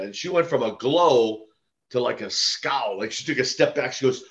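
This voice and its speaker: An older man, a retired wrestler turned minister, telling stories in a casual podcast interview with lively chuckles and restarts. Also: mid-range voice, fairly quick, dull audio. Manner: animated, chuckling, with restarts and repeated words.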